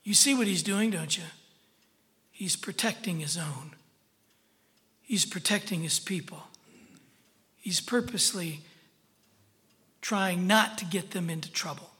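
A preacher with a bright, forceful voice teaches through scripture, talking to the listeners in an emphatic, conversational way. The sound carries a long reverb, as in a large hall. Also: mid-range voice, measured pace, pauses often. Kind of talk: sermon, verse-by-verse Bible teaching.

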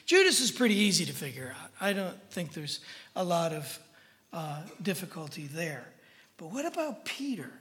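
Bright-voiced preacher in a reverberant hall. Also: medium pitch, big pitch swings, moderate pace. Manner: conversational and emphatic, checks in with listeners. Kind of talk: sermon, verse-by-verse Bible teaching.

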